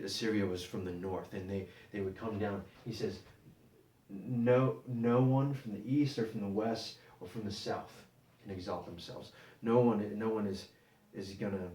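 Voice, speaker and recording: A man preaching a sermon, halting and repeating words as he explains scripture. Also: on the low side, darkish tone. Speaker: pastor. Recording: echoey room, mic at a distance.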